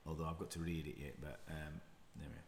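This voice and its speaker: A man who is a damp and mould specialist, reading out a news story and commenting on it in unhurried asides with frequent self-corrections. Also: rumbling low, flat delivery, creaky, a little hiss or hum. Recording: roomy echo.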